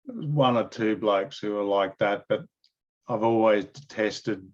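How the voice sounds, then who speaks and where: A man interviewing a guest and telling animated stories in a casual, slangy way. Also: lowish voice, slow, highs cut off. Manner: animated storyteller, blokey slang.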